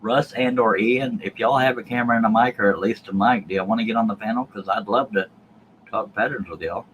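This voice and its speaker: Man, low-pitched, folksy joking stream host talking casually to chat, light room hiss. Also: brisk, highs cut off. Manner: folksy, jokey, addresses chat viewers.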